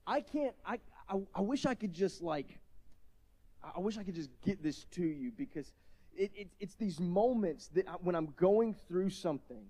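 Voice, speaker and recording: A man preaching a sermon, conversational and self-deprecating, rising to shouts at emotional peaks. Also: fairly high pitch, lively intonation, normal speed. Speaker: pastor.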